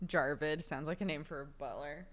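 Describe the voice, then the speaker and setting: A woman's voice: low-pitched, normal speed, fairly bright tone, a little hiss or hum. A woman streamer, sick, chatting casually and giggling often as she reads out names. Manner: giggly, laughs often while reading out names. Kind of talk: casual live-stream chat.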